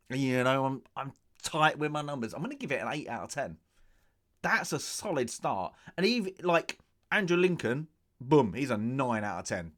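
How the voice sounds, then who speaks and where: A man's voice: medium pitch, a bit bright. A man giving a casual spoken review of a TV episode, chatty and rambling, often slipping into mock reactions.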